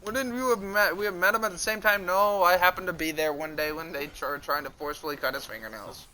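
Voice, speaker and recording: A man's voice: high voice, brisk, bright, forceful tone, a little hiss or hum, rough recording. A man telling a rambling, profane story during a casual livestream, sounding exasperated. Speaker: streamer.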